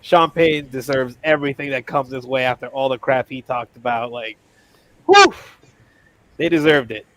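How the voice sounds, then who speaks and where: A man's voice: medium pitch, animated, normal speed, a bit bright, poor audio. A man co-hosting a sports podcast, easygoing and reasoning in casual chat.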